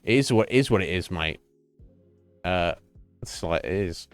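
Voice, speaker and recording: A man's voice: deep voice, expressive, a little slow, smooth, no echo, faint music behind. A middle-aged British man chatting casually to his stream, blunt and sweary, rambling with many restarts. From Britain.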